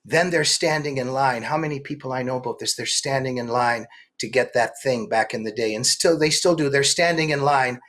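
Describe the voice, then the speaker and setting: A middle-aged man, an author interviewed as a guest, telling animated stories with many quick restarts. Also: medium pitch. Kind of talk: political interview.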